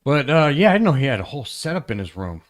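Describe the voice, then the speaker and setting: A man on a podcast telling a story in casual chat, rambling and halting with many fillers and restarts. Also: medium pitch, big pitch swings. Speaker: podcast host.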